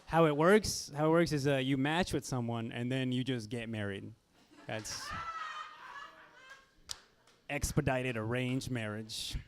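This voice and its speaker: A man's voice: medium pitch, measured pace, long pauses, a little hiss or hum. A young man doing a stand-up set with nervous, self-deprecating crowd work. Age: young adult. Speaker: stand-up comedian.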